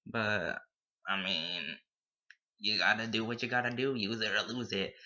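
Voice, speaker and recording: Young man, student, very bright sharp voice, playful, casual monologue, dull lo-fi sound. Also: on the low side, steady tone, a little slow. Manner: playful, drops Spanish words into English. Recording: dull lo-fi recording.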